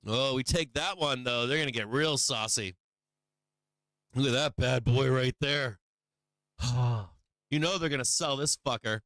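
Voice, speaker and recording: A man's voice: medium pitch, unhurried, pauses often, a bit bright, dry recording. A man hosting a stock market livestream, giving brash, profane live trading commentary and laughing often.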